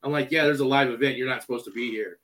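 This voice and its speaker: A man telling a story in a casual chat, animated and acting out the dialogue. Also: medium pitch, racing, low-quality recording.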